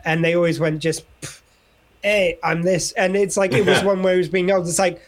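A man's voice: high-pitched, level tone, a little fast. A man co-hosting a podcast, chatting casually and often laughing as he riffs. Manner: giggly, rambling jokes. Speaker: podcast co-host. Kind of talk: casual chat reviewing a TV episode.

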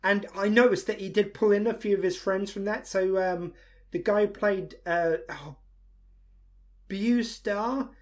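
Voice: medium pitch, unhurried, darkish tone. Podcast host, mid-range voice, earnest enthusiast, casual chatter.

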